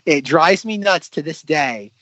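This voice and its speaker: A man co-hosting a casual film podcast, talking in a rambling, animated way and acting out mock quotes. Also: a little high, measured pace, no echo. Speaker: podcast co-host. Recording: dull lo-fi dry podcast audio.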